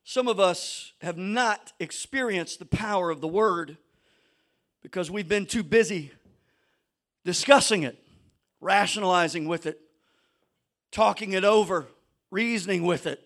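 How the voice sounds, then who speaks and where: A man preaching a sermon to a church congregation, swinging between shouted exhortation and low conversational asides. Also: unhurried, pauses often. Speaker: pastor.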